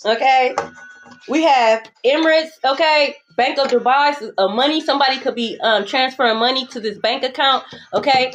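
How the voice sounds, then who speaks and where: A woman's voice: high-pitched, normal speed, fairly bright tone, soft background music. A young adult woman giving a casual tarot reading monologue, blunt, profane and sassy, repeating phrases for emphasis. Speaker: tarot reader.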